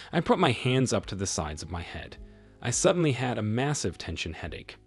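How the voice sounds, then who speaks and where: A man's voice: medium pitch, big pitch swings, a little fast, breathy edge, faint music behind. A man narrating a first-person story in a wry, bitter way.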